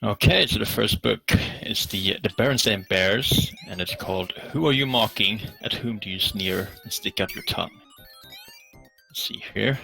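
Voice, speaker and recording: A man reading a children's storybook aloud with a low, bright voice, now and then slipping and restarting a word. Faint music plays underneath. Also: moderate pace, vocal fry, rough recording. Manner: reads aloud with small slips and restarts. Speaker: speedrun commentator reading a storybook.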